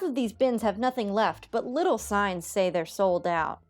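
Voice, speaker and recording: A woman streamer with a sore, strained voice, casually reading a game aloud with wry, deadpan asides. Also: mid-range voice, moderate pace, hardly any pauses, soft background music. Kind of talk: casual game playthrough narration.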